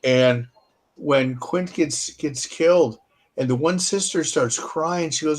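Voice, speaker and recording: A man co-hosting a casual fan podcast, easygoing and agreeable, halting with fillers. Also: fairly high pitch. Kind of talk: casual chat.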